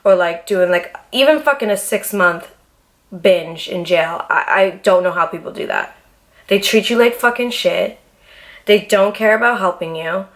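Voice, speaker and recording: A woman's voice: medium pitch, moderate pace. A young adult woman vlogger telling a personal story in a casual, blunt, profane way, full of fillers.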